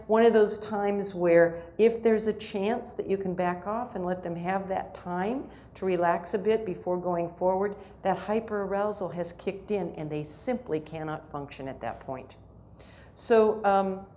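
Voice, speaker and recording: A middle-aged woman giving a conversational lecture to parents at a conference, with lively asides to the audience. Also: lowish voice, slight background noise. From United States. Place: conference hall.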